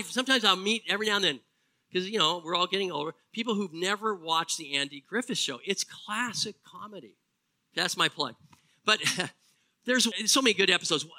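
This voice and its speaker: A middle-aged male pastor delivering a Sunday sermon in a high, very bright voice. He preaches earnestly and slows right down to drive home key phrases. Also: low-quality recording.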